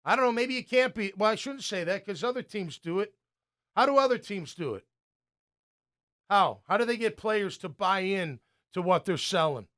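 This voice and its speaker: High-voiced ex-player sports talk host. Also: male voice, moderate pace. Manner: animated storyteller, acts out coaches' yelling.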